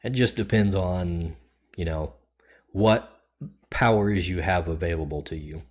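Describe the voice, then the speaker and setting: Low-pitched man, game designer, casual rambling explainer. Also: unhurried, darkish tone. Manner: rambling, loose, with frequent fillers and restarts. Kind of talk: casual solo talk explaining game rules.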